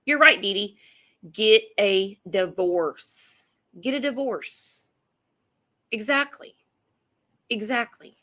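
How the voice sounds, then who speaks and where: A woman's voice: medium pitch, lively intonation, takes it slowly, long pauses, bright, forceful tone. A woman hosting a casual true crime livestream, blunt and profane, greeting chat viewers by name.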